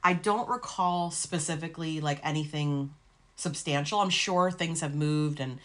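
A woman's voice: sits low, moderate pace. A woman co-hosting a podcast, telling a long story in a rambling, casual way, swearing freely. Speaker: podcast co-host.

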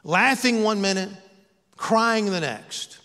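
A man's voice: high-pitched, expressive, slow pace, bright, forceful tone, in a large hall. An older man and pastor giving a conversational sermon, asking the congregation rhetorical questions. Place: church sanctuary.

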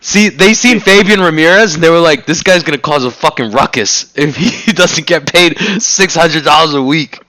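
A young man ribbing his buddy on a video call, loose and jokey, cursing often. His voice sits a bit high for a man, recorded close and dry with no room around it. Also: normal speed, hardly any pauses, bright, forceful tone, no echo. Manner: joking, teasing, swears a lot. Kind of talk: casual video-call chat.

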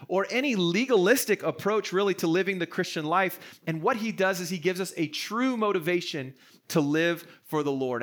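A man's voice: high voice, fairly bright tone. A man who is a pastor, preaching an earnest, encouraging sermon to a live-streamed congregation in a conversational way. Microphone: streamed sermon to an online audience.

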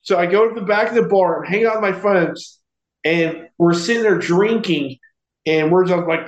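High-voiced man telling a rowdy story. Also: normal speed, reverberant, rough recording. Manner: profane, animated storyteller. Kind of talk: casual podcast chat.

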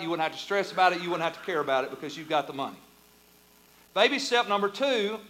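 A middle-aged man, a pastor preaching a sermon through humorous, lively stories that settle into quiet, earnest teaching. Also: high voice. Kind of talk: storytelling sermon.

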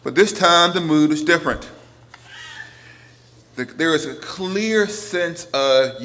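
A priest in his forties preaching a sermon, earnest, moving between emphatic lines and hushed ones. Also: on the high side, unhurried.

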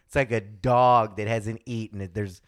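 A man's voice: lowish voice, moderate pace, smooth. A man telling funny stories in casual chat, laughing and acting out other people's voices. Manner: animated, laughing storyteller who acts out voices. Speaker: podcast guest.

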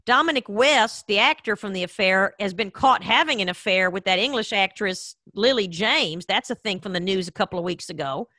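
Woman host, bright voice, dry close sound, lively teasing chat. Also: medium pitch, normal speed, hardly any pauses, no room sound. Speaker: podcast host. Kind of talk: casual chat.

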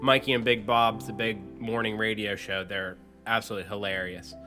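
A young man from the Pittsburgh area chatting casually, telling an animated story full of fillers and swearing. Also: fairly low pitch, a little fast, over music. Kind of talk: casual podcast chat.

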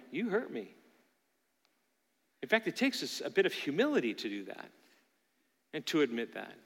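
Bright-voiced man preaching in a reverberant church. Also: high-pitched. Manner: earnest, conversational preaching to a congregation. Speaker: pastor. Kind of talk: sermon. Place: church sanctuary. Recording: long hall reverb from a church room.

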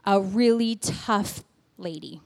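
A woman's voice: medium pitch, slow, pitched below the performer's own voice. A woman quoting a tough former biker woman who speaks plainly and earnestly about how she has changed.

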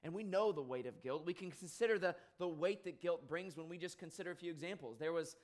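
Casting: male preacher, earnest sermon delivery, slightly higher voice, builds to emphatic peaks then falls quiet. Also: quick pace. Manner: earnest, swells louder and higher on key points, drops soft on sad ones.

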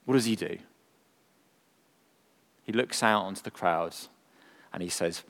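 A man preaching a sermon, earnest and full of rhetorical questions, moving from emphatic lines to hushed ones. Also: deep voice, measured pace, pauses often. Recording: long hall reverb.

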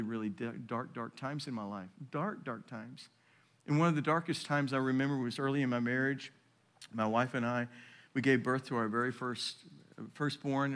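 A man in his fifties preaching a sermon in a church, swinging between loud emphatic peaks and hushed, low storytelling. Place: church sanctuary.

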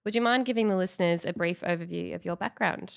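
A woman hosting a podcast, hoarse and nasal from a cold, reading a formal introduction. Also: fairly low pitch, fast. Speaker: podcast host. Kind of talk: scripted introduction.

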